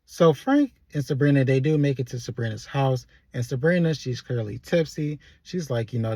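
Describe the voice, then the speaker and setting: A man with a husky, mid-pitched voice talks through a TV episode recap in a relaxed, chatty way. He slips into the characters' lines as he retells each scene. The sound is dry and close, with no room around it. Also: normal speed, hardly any pauses, no room sound. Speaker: TV show reviewer. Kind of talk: casual recap commentary.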